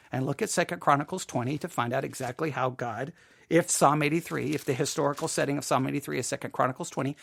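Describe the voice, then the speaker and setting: A man's voice: medium pitch, vocal fry, slightly rough. An American man hosting a Bible podcast, talking casually in a rambling, self-deprecating way with many restarts. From United States. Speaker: podcast host.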